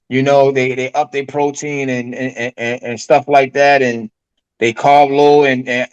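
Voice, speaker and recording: A man's voice: medium pitch, muffled recording. A man as a podcast guest, telling his story casually with street slang and acting out the dialogue.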